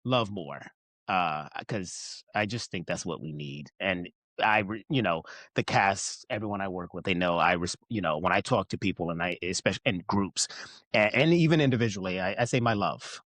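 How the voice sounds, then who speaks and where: Man from alabama, stage actor, lively swooping pitch, earnest and expressive, dry close sound. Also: moderate pace, dry recording. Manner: warm-hearted, expressive, earnest. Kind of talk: casual interview chat.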